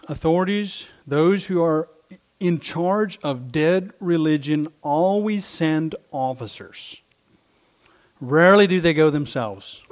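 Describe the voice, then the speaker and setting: A middle-aged male pastor preaching a sermon, impassioned and emphatic, repeating his phrases for effect. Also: high voice.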